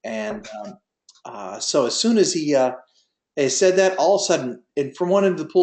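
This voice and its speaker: A man's voice: high-pitched, lively intonation, normal speed, darkish tone, echoey room. Folksy man lecturing with many fillers. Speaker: drone pilot test prep instructor. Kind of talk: online class lecture with a told joke. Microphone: video call.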